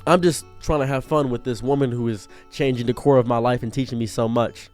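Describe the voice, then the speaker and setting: A young man telling a comedic personal story as a streamer, animated and jokey, jumping into higher voices for quotes. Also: brisk, faint music behind.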